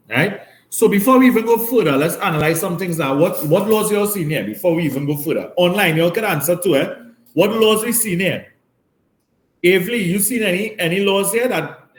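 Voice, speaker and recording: A man teaching a maths class, explaining step by step and often checking with "right?". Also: a little high. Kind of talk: classroom lesson. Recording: roomy classroom echo.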